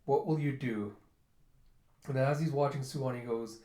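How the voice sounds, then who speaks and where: A man's voice: mid-range voice, moderate pace, pauses often, warm tone. A man casually reading a comic book aloud and narrating it, chatty and full of fillers. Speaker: book reviewer. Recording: roomy echo.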